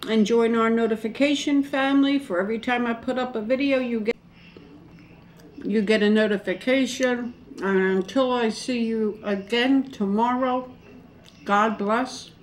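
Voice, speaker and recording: A woman's voice: a little high, fairly even intonation, a little slow, a little hiss or hum. A middle-aged woman chatting casually to camera during a mukbang, rambling and folksy. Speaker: mukbang vlogger. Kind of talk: casual chat to camera while eating.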